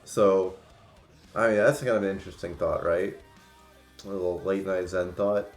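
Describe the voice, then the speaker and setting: A man's voice: low-pitched, steady tone, moderate pace, roomy sound, faint music behind. A man in his twenties telling rambling stories on a casual livestream, full of fillers and restarts. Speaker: streamer.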